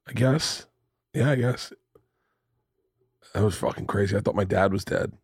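Male podcast host, 30s, animated swearing storyteller, dry close mic. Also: on the low side, normal speed, gravelly, breathy edge, no echo. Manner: animated, profane storyteller who acts out quotes. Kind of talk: casual conversation, storytelling. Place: home studio room.

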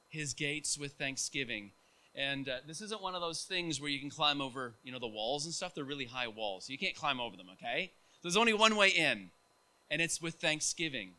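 A middle-aged man preaching a sermon, telling a personal story in a casual, animated way with many fillers and restarts. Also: fairly high pitch.

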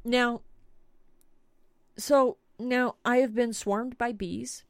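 A woman's voice: medium pitch, no echo, clean studio sound. A middle-aged woman host telling a comic story with frequent swearing and dramatic emphasis. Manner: animated, swears freely, dramatic retelling. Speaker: podcast host.

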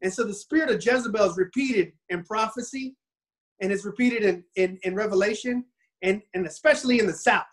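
A man casually retelling a Bible story in an animated, rambling way, often restarting his sentences. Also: high voice, brisk, low-quality recording.

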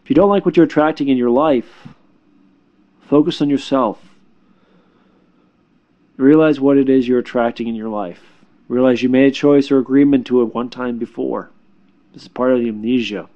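This spiritual healer talks at a medium pitch with fairly even intonation, sharing casual advice in a reassuring, stop-start way with fillers and repetitions. The audio has its highs cut off.

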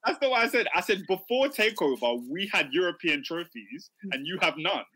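A man argues his side of a football debate, earnest and a little defensive. His voice sits high and very bright, rising and falling a lot. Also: animated, moderate pace, no room sound, rough recording. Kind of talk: casual banter.

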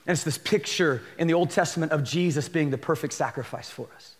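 A male pastor preaching a sermon, animated, acting out scripture quotes and breaking into shouts. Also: a little high, fairly quick, in a large hall. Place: church sanctuary.

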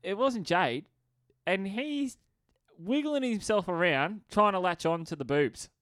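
A man's voice: sits high, lively intonation, unhurried, a bit bright, dry recording, studio quality. A young man co-hosting a podcast, talking casually, swearing, laughing and telling stories, with "mate" in every other sentence. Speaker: podcast co-host. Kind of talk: casual chat.

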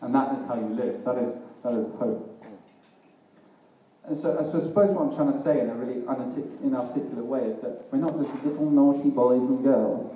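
A man's voice: mid-range voice, brisk, warm tone. A man preaching a sermon in a casual, self-deprecating way, often laughing at himself. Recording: echoey hall, mic at a distance.

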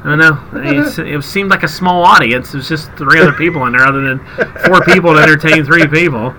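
Guy hosting a podcast, tells stories all animated, pitch jumps around a lot. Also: brisk, slight background noise, poor audio. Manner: animated storyteller, acts out quotes. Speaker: podcast host. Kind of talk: casual chat, storytelling.

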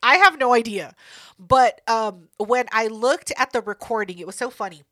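A woman's voice: fairly high pitch, expressive, moderate pace, pushed and bright, dry recording, studio quality. A woman co-hosting a casual podcast chat, swearing freely and telling stories with lots of laughter. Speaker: podcast co-host.

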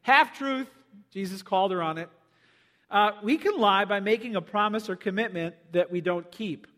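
Male pastor, high voice, animated sermon delivery, long reverb. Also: moderate pace. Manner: animated, acts out quoted voices.

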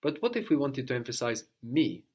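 A man's voice: mid-range voice, big pitch swings, fairly quick, a little mellow. A man teaching a language lesson, patiently prompting his student with questions and explaining grammar.

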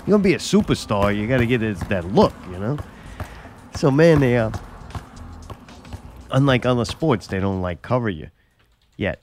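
A man's voice: medium pitch, sing-song, normal speed, pauses often, darkish tone, soft background music. A man chatting casually, telling long profane stories that build into exasperated rants. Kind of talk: casual chat.

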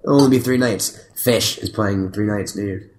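A man's voice: on the low side, normal speed, a little mellow. A young man in casual chat, telling loose, profane stories and acting out quoted lines.

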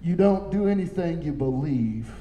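A man preaching an impassioned sermon, reading scripture slowly and building to shouts. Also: a little high, lively intonation, roomy sound, lo-fi sound.

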